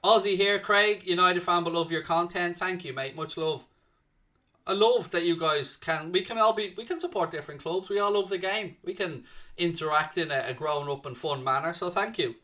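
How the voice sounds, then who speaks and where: Here the watchalong host's voice is high-pitched and his pace moderate. The young man calls the play live for fans, chats with viewers in between, and reads their messages aloud with excitable energy.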